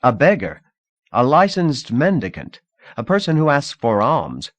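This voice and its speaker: A man's voice: mid-range voice, wildly swooping pitch, unhurried, no echo, pitched above the performer's own voice. A man voicing an earnest, cautious young man who was once a beggar, speaking in a plain, careful way.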